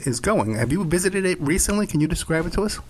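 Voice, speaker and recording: A man hosting a casual interview, asking probing questions in an animated way. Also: high-pitched, fast, a little hiss or hum. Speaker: host.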